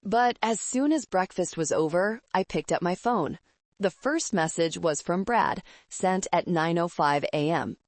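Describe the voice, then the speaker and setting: A woman narrating a first-person story in a calm, measured, coldly resolved way. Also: lowish voice, dry recording.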